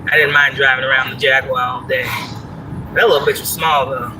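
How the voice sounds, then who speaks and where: A woman's voice: rumbling low, little pitch movement, a little fast, background noise. A woman chatting casually on a live stream while driving, profane and rambling, laughing often. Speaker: spiritual vlogger. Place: in a car, driving. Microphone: phone.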